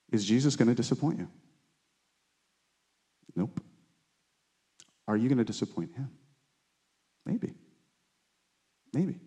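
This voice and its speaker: A man preaching a sermon, animated and shifting between excited exclamations and low earnest asides, and putting questions straight to his listeners. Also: a little slow, long pauses. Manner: asks the listeners direct questions. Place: church meeting room.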